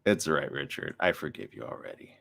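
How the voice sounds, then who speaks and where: A man hosting a live morning talk show, riffing excitably and reading viewer comments aloud. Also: extremely low pitch, fast, vocal fry.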